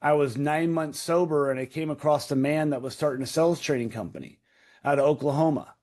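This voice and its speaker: Speaking a little fast in a fairly high, slightly mellow voice, this thirtysomething podcast guest recounts a raw personal story with intensity. He swears and hammers home key phrases by repeating them.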